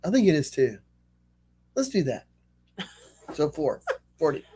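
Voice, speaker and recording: Male streamer, casual chat, thinks out loud, halting, lots of restarts. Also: a little high, big pitch swings, breathy edge. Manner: hesitant, thinks aloud with many restarts. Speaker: artist hosting a live stream.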